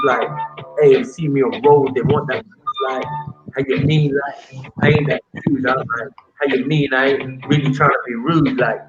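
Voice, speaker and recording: A young man freestyles over a beat, rhythmic and streetwise, throwing in hype calls between bars. His voice sits at an ordinary middle pitch. The lo-fi recording sounds dull, with a loud backing beat. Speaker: freestyle rapper and show host.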